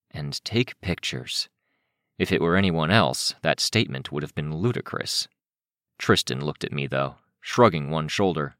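Man, audiobook narrator, very deep voice, lively intonation. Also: unhurried, no room sound, clean studio sound.

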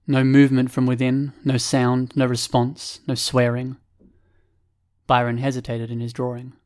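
A man narrating a story in a steady, measured reading voice. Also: mid-range voice. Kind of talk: scripted narration.

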